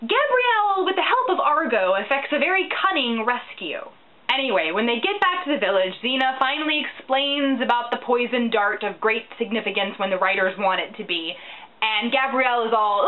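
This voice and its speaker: A woman's voice: a little high, animated, a little fast. A woman giving a comic, sarcastic recap of a TV episode, full of wry asides. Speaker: recap vlogger. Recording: tinny, phone-like sound.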